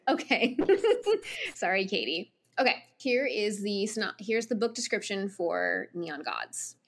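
Husky podcast woman reading a blurb, really lively up and down voice. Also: mid-range voice, measured pace. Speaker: podcast co-host. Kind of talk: casual chat and reading a book blurb aloud.

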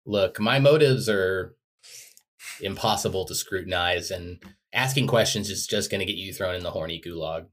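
Lower-voiced profane male co-host. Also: moderate pace. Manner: profane, wry. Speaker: podcast co-host. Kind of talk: casual chat.

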